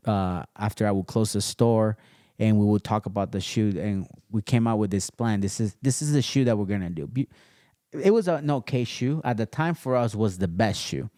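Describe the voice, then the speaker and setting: A man guest on a casual podcast, telling his story in a relaxed way with many fillers and restarts, recorded at his home studio. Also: on the low side, normal speed, clean tone, no echo. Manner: laid-back, storytelling with lots of fillers and restarts. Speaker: podcast guest, custom sneaker entrepreneur.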